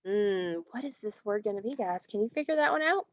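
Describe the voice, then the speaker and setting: A woman teaching a phonics lesson, slowly stretching out and repeating sounds and words, and praising her students. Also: medium pitch, animated, no echo. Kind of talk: slow, clearly enunciated phonics lesson. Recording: dry, dull lo-fi recording.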